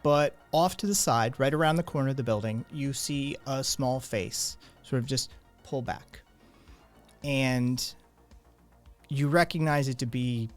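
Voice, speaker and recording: Game master voice, a man narrating a tabletop game over faint background music. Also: mid-range voice. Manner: descriptive, unhurried narration with hesitant fillers.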